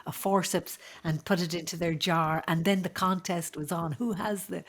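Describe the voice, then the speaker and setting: An Irish woman, a midwife, telling her experiences in a conversational podcast, halting with many fillers and restarts in an earnest, sorrowful way. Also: lowish voice, fairly even intonation.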